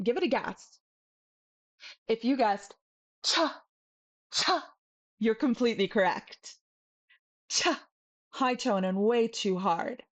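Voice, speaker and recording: Woman, online language teacher, playful and patient, medium voice, drills sounds over and over. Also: medium pitch. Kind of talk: upbeat video lesson.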